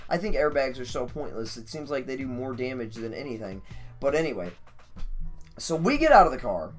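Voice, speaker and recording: A man streaming, telling a story casually in a profane, animated, rambling way. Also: medium pitch, fairly quick, soft background music.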